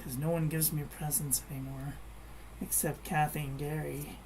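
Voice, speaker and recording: A woman's voice: sits low, level tone, moderate pace, background noise. A woman chatting casually while she crafts at home, rambling and meandering, with frequent restarts. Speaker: crafting vlogger.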